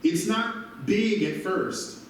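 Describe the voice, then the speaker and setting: Pastor guy preaching, kinda high voice, lively, faint room hum. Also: slow. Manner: animated preaching with call-and-response asides. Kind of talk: sermon. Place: church sanctuary. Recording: very echoey church from far off.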